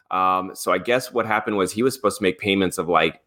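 A man co-hosting a celebrity gossip podcast, relaxed as he recaps news stories with fillers. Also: low-pitched, brisk, few pauses. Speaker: podcast co-host. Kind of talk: casual celebrity news rundown.

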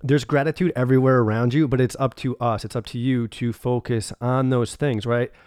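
A man's voice: mid-range voice, steady tone, fairly quick, a little mellow, clean tone, dry recording, studio quality. A man hosting a podcast, encouraging and reflective as he sums up his guest's points. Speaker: podcast host. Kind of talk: casual podcast conversation.

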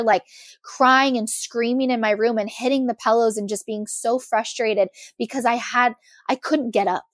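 Animated young woman telling her story. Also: fairly high pitch, no echo, studio quality. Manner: candid, animated, many fillers. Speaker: podcast guest. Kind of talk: emotional personal storytelling.

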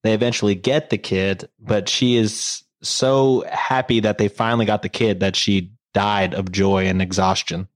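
A man's voice: lowish voice, steady tone, moderate pace, hardly any pauses. A man casually retelling a story to friends, rambling and profane, full of fillers and jokes.

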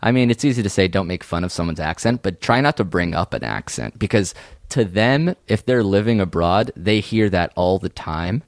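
Male comedy podcast co-host, playful and lively, dry close mic, casual swearing. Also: deep voice, normal speed, no room sound. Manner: goofy, joking, swears casually. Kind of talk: casual comedic advice chat. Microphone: podcast microphone.

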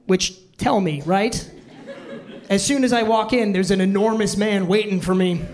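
A man's voice: sits high, normal speed, a little mellow. A man performing a self-deprecating stand-up set on a theatre stage, acting out both sides of the dialogue. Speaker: stand-up comedian. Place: live comedy theatre stage with audience. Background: audience laughter.

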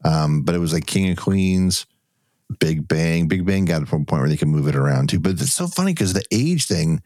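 A man's voice: sits low, expressive, normal speed, warm tone, dry recording, clean studio sound. A man co-hosting a podcast in casual chat, rambling and loose, with restarts and cursing. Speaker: podcast co-host.

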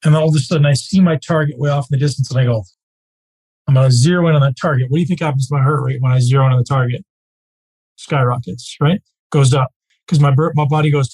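A man teaching a live group as a coach, speaking casually and emphatically, often checking in with a quick "right?". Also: a little high, steady tone, darkish tone, breathy edge, low-quality recording.

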